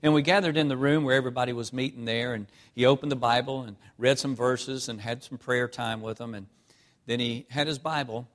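A man's voice: medium pitch, steady tone, a little fast. Fervent preacher man. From North Carolina. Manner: swings from hushed, tearful tones to loud, fervent emphasis; reads scripture in an old-fashioned cadence. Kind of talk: storytelling sermon.

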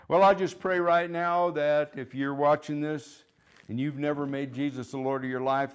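A man's voice: a little high, smooth. Fervent man preaching a sermon. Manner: fervent, rising and falling in loudness, chuckles between points; repeats phrases for emphasis.

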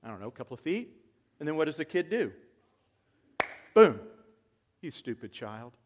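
Animated preaching man, higher voice. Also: brisk. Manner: conversational preaching that swings from quiet to loud and excited. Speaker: pastor. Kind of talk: sermon.

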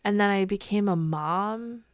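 A woman's voice: medium pitch, unhurried, no room sound, clean studio sound. A woman in her thirties hosting a solo podcast, talking candidly and with exasperation and swearing casually. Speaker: podcast host.

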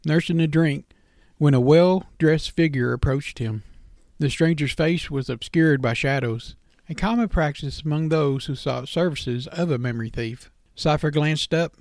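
A man's voice: fairly high pitch, darkish tone, no echo, clean studio sound. A man narrating a story aloud in a plain, unpolished reading style with small stumbles.

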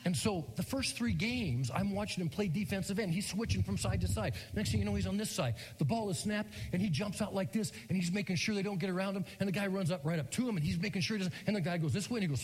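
A man's voice: high voice, quick pace, breathy edge, big-room sound. A middle-aged man preaching a sermon, telling a story and acting out the people in it. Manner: animated storytelling, acts out quotes. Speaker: pastor.

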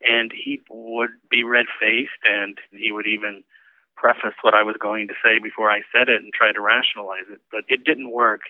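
A man's voice: on the low side, level tone, moderate pace, no room sound. A man, a former campaign manager, recalling events in a conversational interview with fillers. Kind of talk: interview recollection. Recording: tinny phone line.

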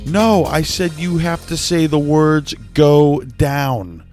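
An anxious young man, voiced by a man, pitched high above the performer's natural voice. His calls are urgent and pleading but held back to a hushed level. He keeps pressing his friend to listen. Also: normal speed, faint music behind, natural voice.

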